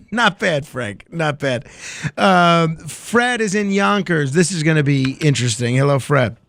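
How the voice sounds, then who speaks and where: Gravelly-voiced radio host telling jokes. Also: male voice, on the high side, animated, slow pace, long pauses, pushed and bright. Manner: chatty storyteller, chuckles at callers' jokes. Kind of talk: late-night call-in radio, telling jokes.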